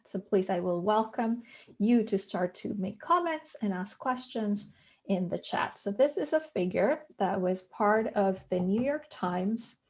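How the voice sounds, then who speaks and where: A woman gives a workshop lecture over a video call. She explains each point in turn and often asks rhetorical questions. Her voice sits at an ordinary pitch, and the call audio is slightly dull. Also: a little mellow. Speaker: workshop presenter.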